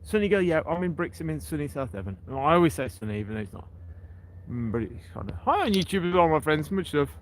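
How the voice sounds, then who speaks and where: A man rambles on a walking livestream by the sea, greeting viewers by name as he goes. His voice swings lively up and down and sits a touch high. A faint hum of outdoor noise runs behind him. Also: fast talker, rough recording. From England. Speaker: livestream host. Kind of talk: casual walking livestream chat. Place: outdoors on a seaside breakwater.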